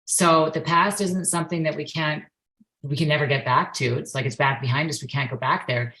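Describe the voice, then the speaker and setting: With a deep, bright, forceful voice and fairly even intonation, this woman speaks briskly on a low-quality recording. In her forties and working as a perception facilitator and yoga instructor, she's a podcast interview guest telling a heartfelt personal story, now and then reenacting her old outbursts.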